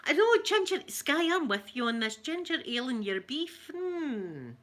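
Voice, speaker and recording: A woman's voice: high-pitched, very animated, moderate pace, fairly bright tone. A woman with a Scottish accent hosting a casual live chat with viewers, telling stories and laughing often. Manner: chatty storyteller who laughs often. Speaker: livestream host.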